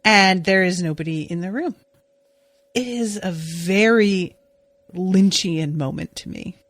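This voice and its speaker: Slow-talking woman podcaster, dry sound. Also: on the low side, dry recording. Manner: chatty, swears, many "like" fillers. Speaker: podcast co-host. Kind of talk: casual episode recap chat.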